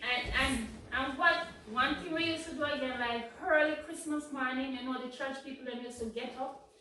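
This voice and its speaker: A Jamaican woman co-hosting, telling childhood stories in a lively, laughing way. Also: high-pitched, normal speed. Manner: animated, laughing. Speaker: co-host. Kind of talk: casual storytelling. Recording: echoey room, mic at a distance.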